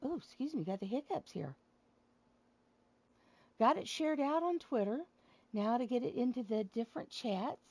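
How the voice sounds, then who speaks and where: A woman's voice: fairly high pitch, lively intonation, moderate pace, pauses often. A woman hosting a wrestling show stream, chatting casually with her audience in a rambling way and laughing at her own jokes.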